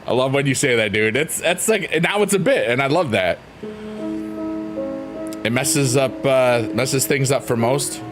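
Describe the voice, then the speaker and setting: A man's voice: medium pitch, animated, measured pace. A man casually chatting on a livestream, reading out chat messages in a rambling, playful, teasing way. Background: faint piano music.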